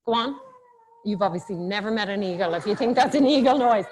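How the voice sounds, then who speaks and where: A woman's voice: mid-range voice, expressive, fast talker, a little mellow, a little hiss or hum. A woman teaching a live online yoga class for children, giving playful, encouraging cues and laughing often over a video call.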